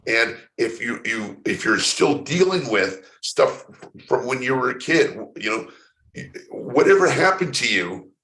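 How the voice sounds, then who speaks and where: A spiritual coach from San Francisco, United States, tells his story earnestly in a conversational interview. His medium-pitched voice is bright, forceful and sing-song at a measured pace, and he often repeats words as he begins sentences.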